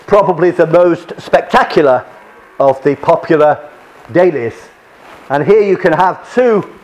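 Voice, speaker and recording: A man's voice: on the high side, darkish tone, low-quality recording. A man giving a classroom lecture with slides, chatty, often repeating and restarting his phrases.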